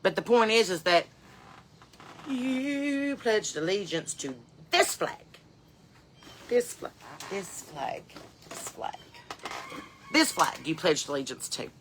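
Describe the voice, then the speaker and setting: A woman playing a sassy, bright-voiced porch mom. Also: mid-range voice, expressive, unhurried, slight background noise. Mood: ranting. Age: middle-aged. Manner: rambling, sassy, folksy ranting. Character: sassy chain-smoking Southern mom on her porch. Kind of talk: comedy character monologue.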